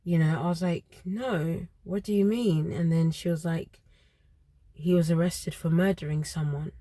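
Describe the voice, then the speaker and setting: A woman, around her thirties, earnestly telling a personal story with emotional pauses. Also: lowish voice, fairly even intonation, a little mellow, dry recording.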